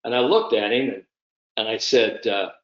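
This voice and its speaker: A man in his fifties, a sport psychologist, telling an anecdote with animated storytelling during an online summit. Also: fairly low pitch, normal speed, reverberant, muffled recording. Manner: animated anecdotal storyteller, addresses the host by name.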